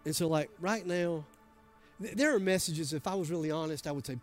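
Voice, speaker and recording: A man with a high voice preaches a sermon in a church, talking in a conversational, emphatic way. He often slips into the voices of the people he quotes. Soft music plays underneath. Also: brisk. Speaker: pastor. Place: church sanctuary.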